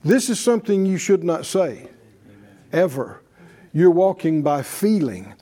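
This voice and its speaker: A man's voice: a little high, very animated, a little slow, mellow. A man preaching a sermon, leading the congregation in call-and-response.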